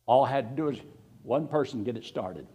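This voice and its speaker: Animated preacher man. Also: mid-range voice, fairly quick, slightly rough. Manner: animated, swooping preacher cadence with sudden loud rises. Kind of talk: sermon.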